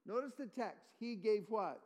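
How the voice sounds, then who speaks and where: High-voiced man preaching verse by verse. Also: expressive, normal speed, darkish tone, big-room sound. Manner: explains verse by verse, quizzes the congregation. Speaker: pastor. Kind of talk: expository sermon.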